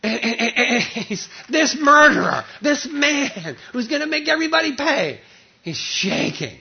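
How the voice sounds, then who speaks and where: A man's voice: extremely high pitch, animated, normal speed. A male pastor preaching a sermon, telling a story animatedly with lots of repetition, on a dull, lo-fi recording.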